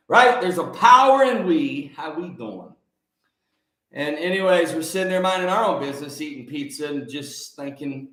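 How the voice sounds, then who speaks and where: A man in his forties with a high voice hosts an energetic livestream, calling out viewers by name and preaching in bursts of repeated phrases. He sounds like he is in a very echoey room. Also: measured pace. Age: 40s. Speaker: livestream host.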